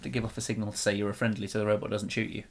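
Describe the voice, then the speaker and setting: A man with a Norfolk accent co-hosting a podcast in casual chat, speaking in a slow, lazy drawl, pronouncing words clearly without clipping them. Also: fairly low pitch, level tone. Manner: slow drawl, enunciated but unclipped words. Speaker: podcast co-host.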